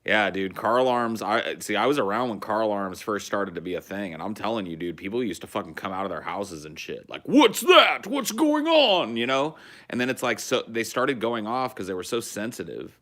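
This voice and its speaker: A man hosting a casual livestream chat, loose and profane, bursting into loud silly sound effects, talking from a phone while sitting outdoors at home. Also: fairly low pitch, fairly quick, hardly any pauses. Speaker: podcast host. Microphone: phone stream.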